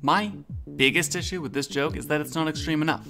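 A man narrating a scripted video essay in a measured, analytical way, with faint music under the voice-over. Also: a little high, creaky.

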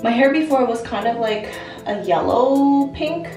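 A woman's voice: on the high side, animated, unhurried, warm tone, distant mic. A young woman chatting casually in a vlog, bubbly and gushing with frequent exclamations. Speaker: vlogger. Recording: roomy, off-mic, music behind.

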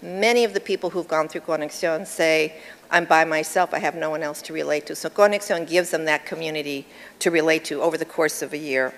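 Middle-aged woman, award acceptance speech at a banquet, low voice, long hall reverb, crowd murmur. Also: fairly even intonation, fairly quick.

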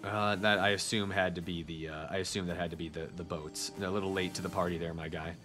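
Low-voiced man chatting through gameplay. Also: steady tone, fast, music in the background. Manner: chatty, talks straight to viewers. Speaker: gaming video host. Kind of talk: casual gameplay commentary.

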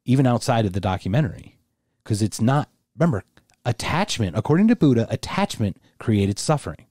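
A man's voice: medium pitch, very animated, fairly quick, darkish tone, no echo, studio quality. A man co-hosting a podcast in casual conversation, thinking aloud with restarts and emphatic asides. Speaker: podcast co-host.

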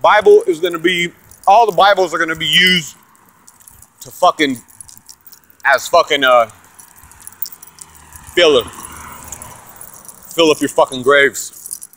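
Man, cursing rant, loud then muttering, bright sharp voice. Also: steady tone, slow pace, long pauses, no echo. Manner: aggressive, profane, repetitive ranting; swings between loud shouting and low muttering. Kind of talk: profane religious rant to camera.

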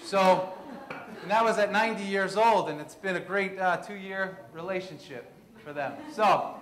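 A man in his thirties from Queens, giving an animated storytelling presentation. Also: high voice. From Queens, New York. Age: 30s. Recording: echoey room.

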